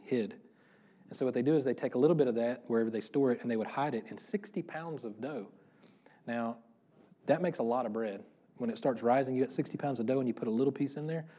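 Man, pastor, mellow warm tone, chatty sermon, questions to the congregation. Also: mid-range voice. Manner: conversational, asks the congregation questions, laughs often. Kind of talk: interactive sermon. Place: church room before a congregation.

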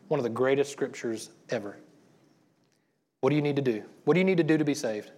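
A middle-aged man delivers a sermon as a pastor in a loose, conversational way. He often restarts his sentences and talks as if chatting with friends. His voice sits at an ordinary middle pitch. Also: quick pace, dark tone. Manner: casual and chatty, with frequent restarts and laughter.

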